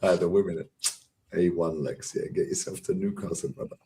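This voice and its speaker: A man's voice: low-pitched, steady tone, brisk, dark tone. A man telling a football story in casual fan chat, sweary and full of street slang.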